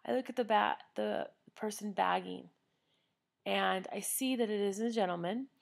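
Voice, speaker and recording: A woman's voice: mid-range voice, moderate pace, creaky. A middle-aged woman telling a story to camera in a casual, earnest way from her living room at home, often correcting herself as she goes. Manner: chatty, earnest, with self-corrections. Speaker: vlogger.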